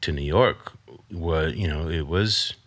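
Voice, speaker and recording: A middle-aged man, a podcast guest, telling a personal story in candid conversation and quoting others with lively put-on voices. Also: a bass voice, slow, dry recording. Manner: storytelling, quotes his father in animated voice.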